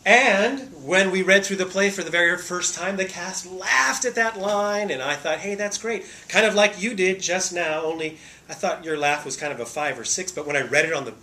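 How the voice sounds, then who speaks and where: A man's voice: high-pitched, moderate pace, few pauses, bright, forceful tone, a little hiss or hum. A man who is a stage actor, telling a humorous story in a theatrical, playful way.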